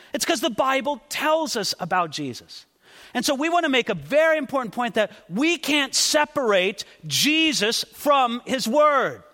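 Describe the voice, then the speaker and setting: Emphatic high-voiced male preacher, echoing hall. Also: bright, forceful tone. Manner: emphatic preaching, repeats key points. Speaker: pastor. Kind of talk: sermon.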